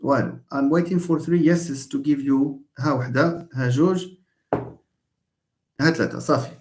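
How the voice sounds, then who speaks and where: Moroccan man lecturing, fairly high voice. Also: a little mellow. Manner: switches between English and dialect Arabic, drawn-out modelling of sounds. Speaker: university linguistics lecturer. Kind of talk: live online lecture.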